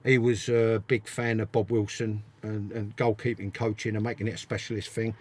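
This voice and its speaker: A man's voice: fairly low pitch, flat delivery, normal speed, darkish tone. An older man, telling blunt, sweary stories as an interview guest and driving his points home by repeating them. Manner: blunt, emphatic, repeats himself. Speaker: interview guest, former footballer. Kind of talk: casual storytelling, swearing freely.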